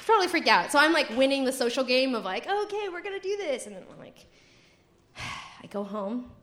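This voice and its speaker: A young adult woman telling a comedic story to a live audience, animated and giggly, acting out her friends' voices. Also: on the high side, a little fast.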